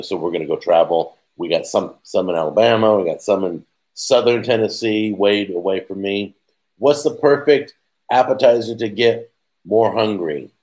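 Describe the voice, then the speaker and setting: A middle-aged man hosting a casual live chat, telling rambling stories with quick asides and laughing at his own jokes. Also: fairly low pitch, a little mellow, rough recording. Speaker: host.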